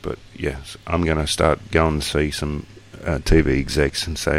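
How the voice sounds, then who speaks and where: An Australian man with an extremely deep voice talks in a casual podcast chat. He is blunt and jokey and rambles as he goes. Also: flat delivery, normal speed, gravelly. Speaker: podcast co-host.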